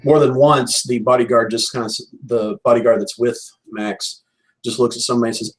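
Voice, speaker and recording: Husky-voiced man running a tabletop game. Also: mid-range voice, little pitch movement, low-quality recording. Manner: descriptive, measured storytelling. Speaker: game master.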